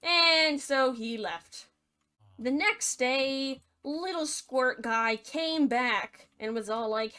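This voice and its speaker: A young woman narrates a fairy tale as a rambling, jokey retelling. She keeps it loose and full of slang, her tone bright and crisp, sitting fairly high. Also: takes it slowly. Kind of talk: casual storytelling narration.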